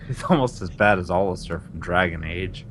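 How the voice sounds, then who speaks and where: A co-host of a casual gaming podcast, joking and teasing with quick laughs. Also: sits low, expressive, a bit bright, a little hiss or hum.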